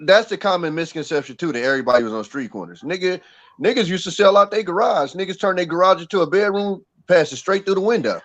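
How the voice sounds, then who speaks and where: A man's voice: high voice, lively intonation, fast, fairly bright tone, dry recording, lo-fi sound. A man talking in a casual panel chat, emphatic and profane, laughing often. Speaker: podcast host.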